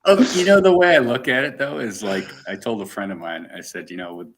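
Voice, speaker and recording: A man's voice: mid-range voice, a little fast, a little hiss or hum. A man with a New York accent chatting casually, rambling in an easygoing way full of "you know.". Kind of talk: casual chat.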